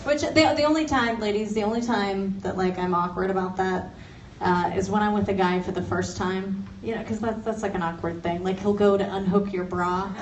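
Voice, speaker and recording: A woman's voice: mid-range voice, steady tone, fairly quick. A young woman from Los Angeles doing a stand-up comedy set, chatty and self-mocking, laughing through her lines. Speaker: stand-up comic. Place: office turned into a comedy venue. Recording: roomy office space, mic at a distance, noisy.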